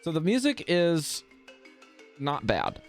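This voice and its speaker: A man running a tabletop game as game master, narrating in a laughing, animated way. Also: fairly high pitch, slow pace, soft background music.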